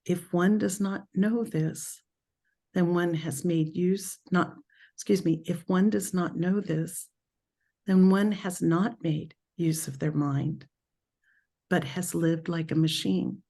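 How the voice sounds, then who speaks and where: A woman leading a spiritual group through a reflective talk, speaking thoughtfully with pauses and self-corrections. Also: fairly low pitch, steady tone, vocal fry, warm tone.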